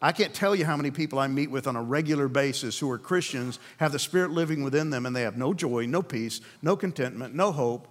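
In a mid-range voice, a man preaches a sermon to a men's group, earnest and full of rhetorical questions. He slows down to land the key points.

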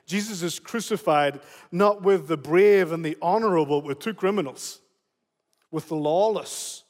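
Pastor guy preaching, high voice, keeps repeating himself for emphasis, lots of hall echo. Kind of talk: sermon. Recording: long hall reverb.

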